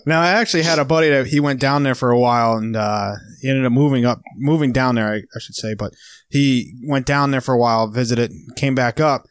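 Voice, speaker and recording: A man hosting a podcast, easygoing and quick to chuckle while he tells his own boot camp story. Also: medium pitch, clear, resonant tone, dry recording, clean studio sound. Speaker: podcast host. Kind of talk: casual chat.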